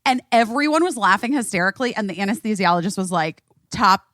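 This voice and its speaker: Animated woman host telling a story. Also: mid-range voice, fast, no echo, studio quality. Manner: animated, swearing, acts out quotes. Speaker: podcast host. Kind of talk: casual storytelling chat.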